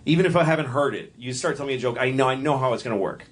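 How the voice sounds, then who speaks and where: Medium in pitch and racing along, a man does a stand-up set before a club audience. His bit is rambling and self-interrupting, full of acted-out voices, and it's recorded live amid plenty of noise.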